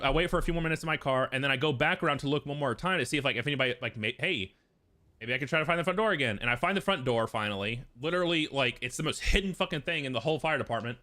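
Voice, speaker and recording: Young guy streamer, bright sharp voice, rambly sweary storytelling. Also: a little high. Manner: profane, rambling, full of fillers. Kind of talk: casual storytelling.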